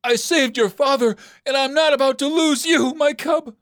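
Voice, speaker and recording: A man's voice: normal speed, fairly bright tone, dry recording, studio quality. A man voicing a desperate mother fox pleading over her dying cub in a storybook reading. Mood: anguished. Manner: high anguished cries.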